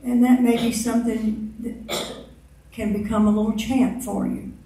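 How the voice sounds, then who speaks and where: A woman minister giving a sermon, slowly leading her congregation in repeated chanted affirmations. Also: a little high, level tone, warm tone, a little hiss or hum. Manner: slow, deliberate, leads the congregation in repeated chants. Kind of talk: sermon with call-and-response affirmations. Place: large church hall. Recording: very echoey hall, voice from a distance.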